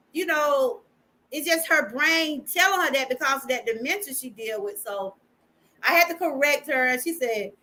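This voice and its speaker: A middle-aged woman from Georgia talks in a loose, chatty Southern way, hosting a live stream and addressing her viewers as y'all. Her voice sits high and sounds bright and forward. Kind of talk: casual live chat.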